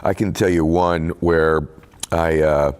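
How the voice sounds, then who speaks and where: Deep-voiced man telling an earnest story. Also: steady tone, slow, darkish tone, clear, resonant tone. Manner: earnest, confessional storytelling with emotional emphasis. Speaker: podcast host and author being interviewed. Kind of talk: candid conversational interview.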